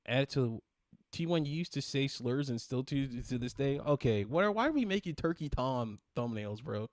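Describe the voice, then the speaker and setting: A man's voice: mid-range voice, lively intonation, moderate pace, no echo, studio quality. Rambling profane young man streaming. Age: 20s. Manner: rambling, profane, many fillers and restarts. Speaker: streamer host. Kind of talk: casual livestream chat.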